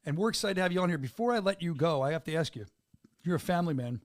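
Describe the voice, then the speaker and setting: Fast-talking upbeat male podcast host. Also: a little high, animated, no echo, clean studio sound. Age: adult with two children. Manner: upbeat hype-man talk, quick and repetitive. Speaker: podcast host and fight announcer. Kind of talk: casual interview chat.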